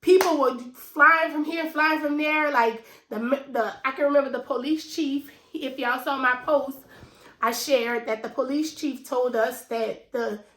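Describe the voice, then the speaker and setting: A woman's voice: high voice, steady tone, measured pace, a bit bright. A woman in her thirties with a New Orleans accent, telling a personal story to her viewers in an emotional, conversational way. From New Orleans, USA. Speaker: finance vlogger. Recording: echoey room.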